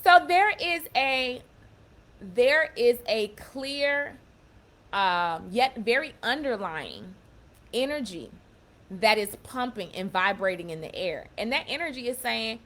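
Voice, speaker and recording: A young woman with a fairly high voice gives a casual motivational talk to her viewers. She speaks with warm emphasis and repeats or restarts phrases as she works through her points. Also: animated, slow pace. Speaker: self-empowerment speaker.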